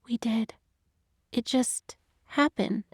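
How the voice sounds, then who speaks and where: Audiobook: tearful, self-blaming young woman, shaky and soft, voiced by a woman; dry close sound. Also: a little high, breathy edge, dry recording, voice pushed up. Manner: shaky, halting, soft-spoken. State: crying. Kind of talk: audiobook narration.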